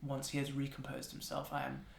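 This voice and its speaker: A game master voicing a calm, formal woman attendant who speaks in measured, apologetic phrases. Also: medium pitch, vocal fry, pitched below the performer's own voice. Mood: composed. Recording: roomy echo.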